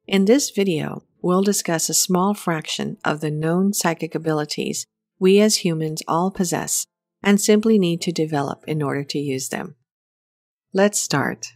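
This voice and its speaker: A woman reading a scripted documentary narration in an even, measured way. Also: on the low side, creaky, no room sound.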